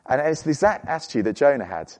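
A man preaching a sermon, earnest and animated, often repeating words as he goes. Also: fairly high pitch, fast talker.

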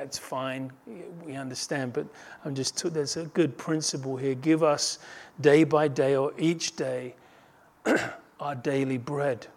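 Earnest preaching man, slightly high voice. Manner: earnest expository preaching, rises in pitch when retelling parables. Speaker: pastor. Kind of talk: sermon.

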